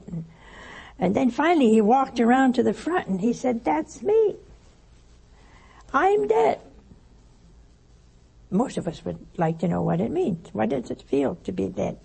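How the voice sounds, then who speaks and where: A woman giving a spiritual talk, telling a story in a lively way and acting out the voices she quotes. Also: mid-range voice, vocal fry, husky, rough recording. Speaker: religious teacher.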